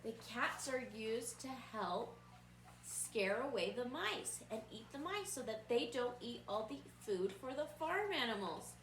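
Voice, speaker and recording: Patient woman teacher guiding little kids through a craft, slightly high voice, recorded from across an echoey room. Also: animated, a bit bright, slight background noise. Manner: slow, patient, encouraging instructions. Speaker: preschool teacher. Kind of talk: craft lesson for young children. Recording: roomy echo from a distant mic.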